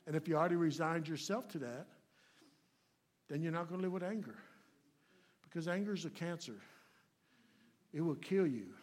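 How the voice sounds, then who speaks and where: A man with a notably high speaking voice delivers a sermon as a visiting preacher. His talk is folksy and plainspoken. He lunges into loud, emphatic lines and then pulls back to soft, low asides. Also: animated, moderate pace, long pauses. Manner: folksy, swings between loud emphatic and hushed. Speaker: guest preacher.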